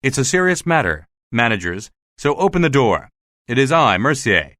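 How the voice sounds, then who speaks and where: A man voicing an agitated, indignant male theater official recounting his rough treatment, in a storybook reading. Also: mid-range voice, moderate pace, no room sound, studio quality. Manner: indignant, excited.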